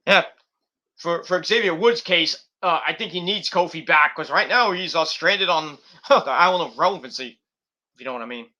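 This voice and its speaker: A man's voice: on the high side, moderate pace, bright, forceful tone. A man hosting a casual late-night wrestling podcast, rambling and profane with lots of fillers. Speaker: podcast host.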